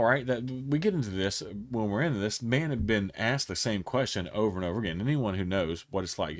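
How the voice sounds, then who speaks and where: Lower-pitched man, pastor type, casual Bible teaching, chatty and unpolished with restarts. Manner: conversational, retells scripture in everyday speech with acted quotes; frequent restarts and fillers.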